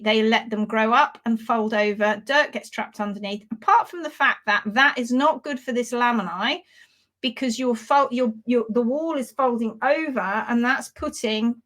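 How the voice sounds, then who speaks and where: A woman teaching hoof care in a live demonstration, explaining with animated, playful storytelling. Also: on the high side.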